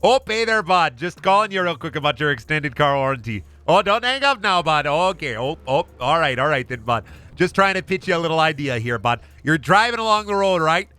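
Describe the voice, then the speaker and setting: A man's voice: on the high side, big pitch swings, a little fast, few pauses, sharp tone, smooth, no echo. A man voicing a relentlessly pleasant Minnesotan man possessed by a demon, in a Minnesotan accent and a raised voice. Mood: folksy. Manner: relentlessly pleasant, says bud constantly.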